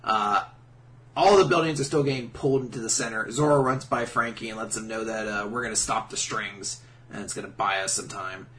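A man's voice: lowish voice, brisk. A man co-hosting a casual podcast, recapping comic chapters and acting out characters' lines. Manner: animated, acts out character lines in silly voices. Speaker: podcast co-host. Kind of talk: casual manga recap chat.

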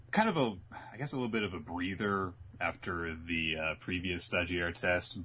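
A man hosting a casual podcast chat, animated and acting out scenes. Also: low voice. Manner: animated, acts out scenes in quick voices. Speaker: podcast host.

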